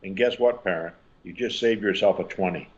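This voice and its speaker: Animated older male storyteller. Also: low-pitched, a little fast, highs cut off. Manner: animated storytelling, acting out quotes. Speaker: parenting author guest. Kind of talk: interview answers.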